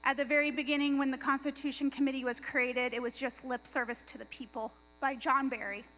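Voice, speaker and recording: A woman speaking against a motion at a public meeting, measured and firm, slowing to stress her points. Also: high-pitched, steady tone, pushed and bright, poor audio. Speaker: tribal member speaking at a meeting.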